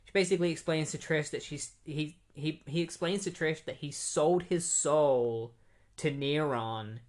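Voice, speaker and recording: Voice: mid-range voice, measured pace, a little mellow. A podcast host casually recapping a comic book issue, chatty and amused, with lots of fillers and asides.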